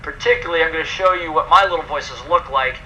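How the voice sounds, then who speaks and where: Man, motivational speaker, emphatic, asks questions, slightly high voice, faint background hiss. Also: fast, pushed and bright, lo-fi sound. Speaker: speaker presenting a personal development program. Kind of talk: motivational seminar talk.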